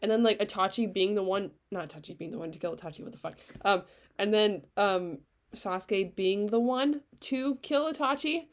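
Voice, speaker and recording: Woman co-host, casual chat, animated and sweary, mid-range voice. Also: medium pitch, moderate pace. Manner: animated, swears freely, trails off and restarts. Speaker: podcast co-host.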